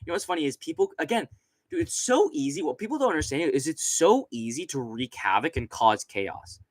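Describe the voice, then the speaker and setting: A man's voice: fairly high pitch, sing-song, a little fast, no echo. A young man hosting a casual late-night stream, rambling and swearing with lots of fillers, seated at a computer with a desk mic. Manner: rambling, profane, many fillers. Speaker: streamer host. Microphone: desk microphone right in front.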